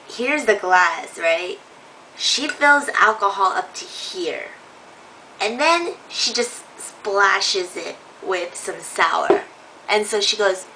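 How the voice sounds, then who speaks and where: A woman's voice: a little high, recorded from a distance, slight background noise, rough recording. A woman in her twenties telling a story in a casual vlog, giggling often and acting out what people said. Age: 20s. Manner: giggly, animated, acts out quotes. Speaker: vlogger.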